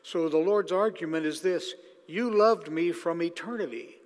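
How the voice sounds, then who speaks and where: Male preacher, fairly high voice, deliberate and emphatic, long reverb of a big hall. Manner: emphatic, slows down to stress key phrases. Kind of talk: sermon.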